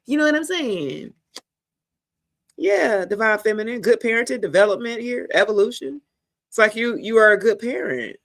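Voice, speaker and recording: A woman's voice: on the high side, lively intonation, normal speed, fairly bright tone. Laughing, profane woman reading tarot. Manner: casual, profane, laughing often, talks to viewers as y'all. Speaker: tarot reader.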